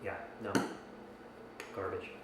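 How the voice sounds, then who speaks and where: A man's voice: slow, a bit bright, slight background noise. A man giving a casual whisky tasting review, thinking aloud with many restarts and fillers. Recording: very echoey room, mic at a distance.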